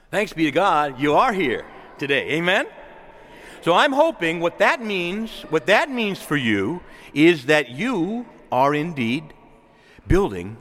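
Emphatic priest preaching in a reverberant church. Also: male voice, on the high side. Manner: urgent, emphatic preaching with rhetorical questions; calls himself a loudmouth. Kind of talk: sermon.

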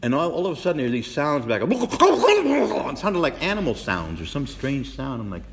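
A middle-aged priest preaches animatedly, repeating phrases for emphasis and putting direct questions to the congregation. His voice is fairly high and at a normal speed, with background noise present.

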